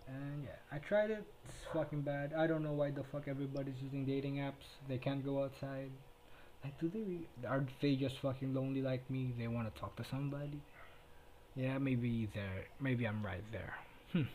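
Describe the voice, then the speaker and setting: Solo podcast host, late-teen Filipino guy, warm low tone, rambling and profane. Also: fairly even intonation, a little fast, slight background noise, rough recording. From Philippines. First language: Tagalog. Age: late teens. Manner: heavy swearing, rambling with restarts.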